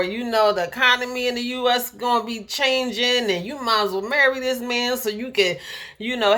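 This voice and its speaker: A woman's voice: fairly high pitch, bright, forceful tone. A woman in her forties from the United States, talking earnestly and emphatically to her viewers, her voice climbing when she gets fired up. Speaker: vlogger. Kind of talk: casual encouraging talk to camera.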